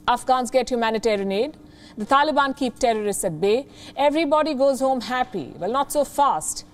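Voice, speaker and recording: A woman news anchor with an Indian English accent, delivering scripted commentary full of pointed rhetorical questions. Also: a little high.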